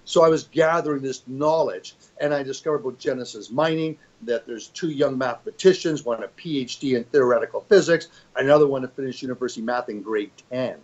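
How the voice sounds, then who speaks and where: A man's voice: mid-range voice, fairly quick, few pauses, darkish tone, dull audio. An older man giving an interview as a fund executive, talking in a rambling, emphatic way with many restarts. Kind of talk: conversational interview.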